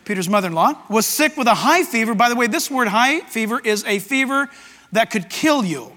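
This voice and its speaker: A man preaching a sermon as pastor, animated and breaking into shouts to act out scripture. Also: very high voice, brisk. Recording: long reverb of a large hall.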